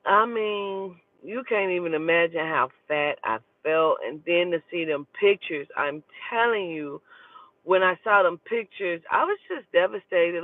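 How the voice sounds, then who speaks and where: A woman telling a personal story in a casual, profane and animated way. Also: lowish voice, a little slow, no echo. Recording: tinny phone-like dry recording.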